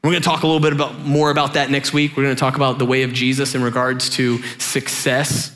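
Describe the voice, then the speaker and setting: A young adult man preaching a sermon as pastor, conversational and animated, using many fillers and acting out voices. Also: fast. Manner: animated, conversational, acts out voices with big pitch jumps; filler-heavy, says "like" often.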